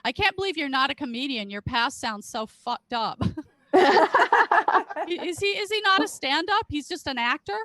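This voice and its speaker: A woman's voice: sits high, lively intonation, measured pace, sharp tone, dry recording, low-quality recording. A woman in her late thirties doing a stand-up comedy set full of crude, self-deprecating jokes, often laughing at her own lines. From Britain. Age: late 30s. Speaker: stand-up comic. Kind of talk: stand-up comedy set at a virtual charity show.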